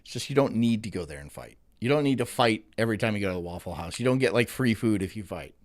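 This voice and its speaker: A man's voice: lowish voice, expressive, quick pace. A man commenting on video clips during a live stream in a crude, mocking, rambling way.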